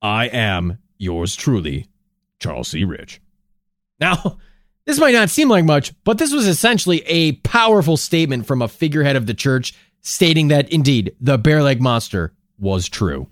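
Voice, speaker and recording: A man's voice: fairly high pitch, big pitch swings, normal speed, dry recording, clean studio sound. A man co-hosting a podcast, retelling an old story in a casual, jokey way with sarcastic asides. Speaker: podcast co-host.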